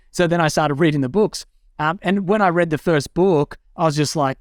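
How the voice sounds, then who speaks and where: A man's voice: a little high, fairly even intonation, moderate pace, dry recording. Enthusiastic man with a dry close sound. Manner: enthusiastic, with frequent fillers and restarts. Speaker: guest speaker. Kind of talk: casual talk. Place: home in a rural eco-village.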